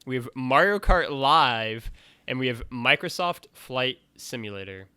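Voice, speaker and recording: A man's voice: mid-range voice, lively intonation, unhurried, sharp tone, clean tone, dry recording, studio quality. A man co-hosting a podcast, talking casually and with emphatic enthusiasm. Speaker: podcast co-host. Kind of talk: casual chat.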